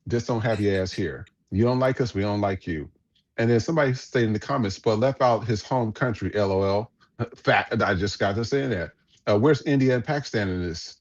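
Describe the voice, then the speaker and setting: A man's voice: on the low side, a little fast, dull audio. A man hosting a podcast, giving casual news commentary in a blunt, profane ranting manner. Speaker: podcast host.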